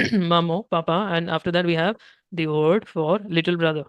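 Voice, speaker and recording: A man's voice: on the high side, steady tone, normal speed, a bit bright, clear, resonant tone, no echo. A young man with an Indian English accent teaching French one-on-one, patiently explaining step by step and slipping into Hindi. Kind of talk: one-on-one language lesson.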